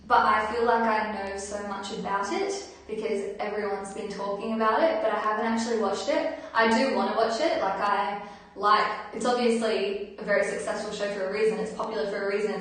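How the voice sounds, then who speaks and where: A woman's voice: mid-range voice, a bit bright. A woman singer-songwriter chatting casually with her livestream viewers between songs, giggly and reading out their comments. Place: bathroom. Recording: echoey bathroom from far off, guitar.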